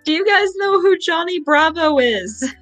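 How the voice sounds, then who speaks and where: A man's voice: very high-pitched, expressive, a bit bright, faint music behind, rough recording. Rambling, stammering man. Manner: rambling, stammering, quick to laugh. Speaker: podcast host. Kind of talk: casual chat.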